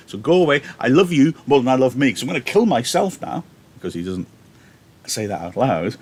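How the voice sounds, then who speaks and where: A man's voice: mid-range voice, big pitch swings, a little fast, a little mellow, breathy edge. A male teacher in a live lesson, reading a play aloud and explaining it in casual modern paraphrase, into a laptop mic.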